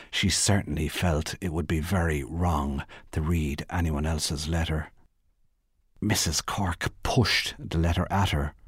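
A man reading a literary short story aloud in a measured, unhurried way. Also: deep voice, husky, no room sound, clean studio sound. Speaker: guest reader.

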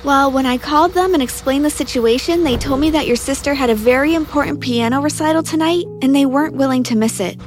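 A woman's voice: high-pitched, quick pace, hardly any pauses, natural voice. A woman voicing a worried, apologetic science teacher who talks hesitantly to a lost pupil. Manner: anxious, hesitant.

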